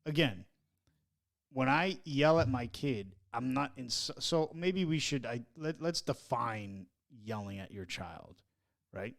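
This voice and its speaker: A man of middle pitch co-hosts a casual podcast, reading bits of text aloud before pushing back on them with real emphasis. He laughs easily and speaks in an ordinary, conversational voice. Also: animated, slow pace, vocal fry, a bit bright. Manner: reads passages aloud, then argues emphatically with a laugh. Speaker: podcast co-host. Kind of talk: casual chat.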